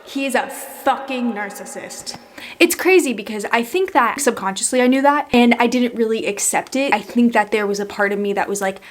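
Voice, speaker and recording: A woman's voice: a little high, moderate pace. A young adult woman vlogger telling a personal story in a candid, profane, emotional way. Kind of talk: storytime vlog.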